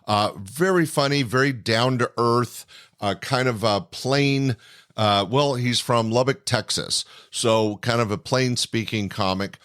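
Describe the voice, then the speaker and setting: A man hosting a comedy podcast, introducing a set in a relaxed, conversational way. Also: mid-range voice, slow pace. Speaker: podcast host.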